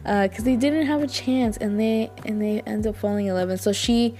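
A woman's voice: on the high side, normal speed, warm tone, soft background music. A woman hosting a podcast, chatting casually and gushing, with lots of fillers. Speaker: podcast host. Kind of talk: casual chat.

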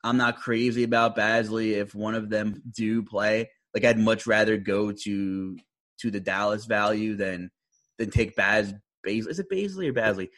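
A man co-hosting a casual basketball betting podcast, rambling in a relaxed way and trailing off. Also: on the low side, unhurried. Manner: laid-back, rambling, trailing off. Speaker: fantasy basketball podcast co-host.

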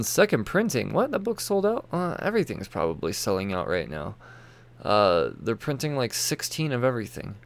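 Gravelly, lively man rambling on a podcast. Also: medium pitch. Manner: rambling, profane, self-interrupting. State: tired, yawning. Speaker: comic book podcast host. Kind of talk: casual solo podcast chat. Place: home room with toy shelves behind.

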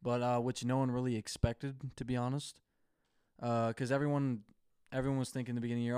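A man co-hosting a casual sports podcast, relaxed and thinking aloud with fillers. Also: mid-range voice, fast, clear, resonant tone, no room sound, clean studio sound. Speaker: podcast co-host.

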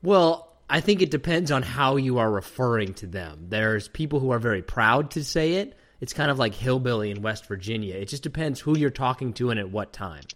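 A man's voice: medium pitch, animated, a little fast, hardly any pauses, fairly bright tone. A man hosting a podcast, chatting casually with dry, teasing humor. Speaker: podcast host. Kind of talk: casual chat.

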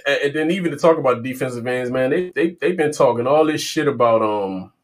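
A man's voice: medium pitch, animated, brisk, crowd noise. A man co-hosting a casual sports chat, rambling with restarts, casual and profane. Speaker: co-host.

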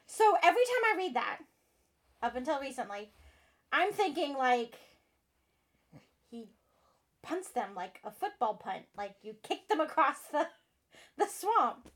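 A woman co-hosting a casual book chat, halting as she searches for words and amused at herself. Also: sits high, very animated, fairly bright tone. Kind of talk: casual chat about books.

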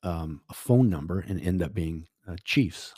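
A man's voice: sits low, expressive, a little slow, warm tone, slightly rough, no echo, studio quality. A middle-aged man telling a personal story as a podcast guest, rambling with restarts and quoted dialogue. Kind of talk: casual storytelling.

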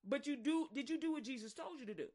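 A woman preaching in a loose, conversational style, animated and acting out little scenes as she talks. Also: high voice, fast talker. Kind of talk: casual sermon.

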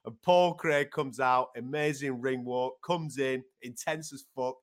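A man co-hosting a sports podcast in casual chat. He is animated and swears casually. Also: mid-range voice, a little slow. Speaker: podcast co-host.

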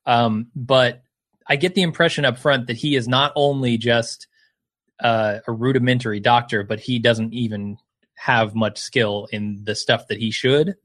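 Male podcast co-host, mid-pitched, thoughtful and hedging, dry sound. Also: steady tone, a little slow, a bit bright, dry recording. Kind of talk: casual chat about TV shows.

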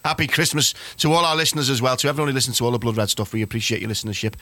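A man's voice: medium pitch, fairly even intonation, very fast, bright, forceful tone, no room sound. A man hosting a football podcast, chatty and agreeable. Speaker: podcast host. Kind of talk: casual football chat.

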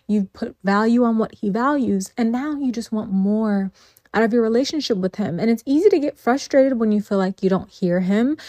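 Woman, devotional podcast host; earnest, exhorting delivery at a mid pitch, dry close recording. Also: warm tone, dry recording. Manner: earnest and exhorting, repeats phrases, casual "like" and "right?". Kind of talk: faith devotional podcast talk.

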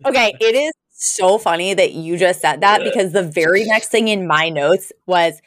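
A woman's voice: on the low side, normal speed, fairly bright tone, no room sound, studio quality. A woman co-hosting a podcast, chatting casually with lots of laughs and fillers as she recaps a sitcom episode. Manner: giggly, rambling, lots of fillers. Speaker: podcast co-host.

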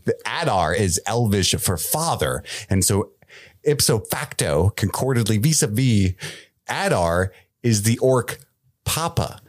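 A man's voice: fairly low pitch, very animated, a little slow. A man co-hosting a podcast, recapping a TV episode in casual, jokey chat and laughing often. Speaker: podcast co-host.

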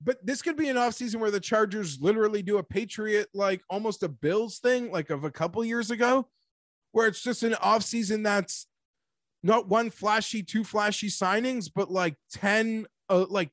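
A man hosting a casual sports talk show, animated and rambling, talking like an emphatic fan. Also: high-pitched, moderate pace, no room sound, studio quality. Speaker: sports podcast host.

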